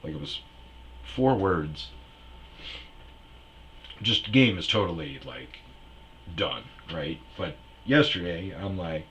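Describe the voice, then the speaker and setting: A man's voice: low voice, very animated, slow, vocal fry, pauses often, pushed and bright, slight background noise. A young man telling a rambling, crude personal anecdote in casual chat. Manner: rambling anecdote with crude humor and acted quotes. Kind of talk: casual storytelling.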